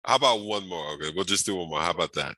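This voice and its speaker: Rapid-fire and forceful, this low-voiced man hosts a workshop speaker series online, talking over a video call in an upbeat, chatty way with lots of fillers and restarts. His tone is bright, with no room sound.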